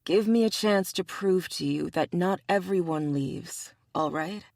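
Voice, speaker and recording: A woman's voice: fairly low pitch, a little slow, creaky, a little mellow, no echo, clean studio sound. A woman voicing a big, persistent, playful male bear shifter in an audiobook romance, cheerful and coaxing.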